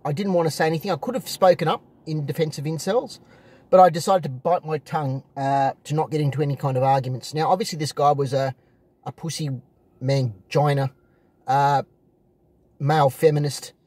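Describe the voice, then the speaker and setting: A slightly husky, fairly high-pitched man talks into a close phone from his parked car. He rambles, repeats phrases and fills gaps with uhs. The sound is dry and close, with no room echo. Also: fairly even intonation, brisk, a little mellow. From Australia. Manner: rambling, repetitive, with many restarts and uh fillers. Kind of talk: casual vlog monologue.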